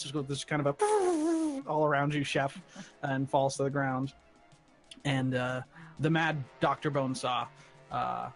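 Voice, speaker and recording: Playful man running a tabletop game. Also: fairly high pitch. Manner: laughing, full of fillers, playful. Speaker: game master.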